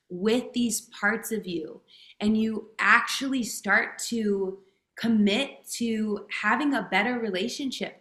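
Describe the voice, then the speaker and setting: A woman's voice: medium pitch, a bit bright, roomy sound. A woman speaking as a guest coach in a podcast interview, talking casually and emphatically and swearing freely.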